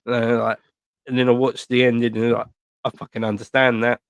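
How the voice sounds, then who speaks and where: A man's voice: medium pitch, fairly quick, clear, resonant tone, no echo. Rambling, swearing man in casual chat. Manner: rambling, animated storytelling, heavy swearing, lots of fillers. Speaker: podcast co-host.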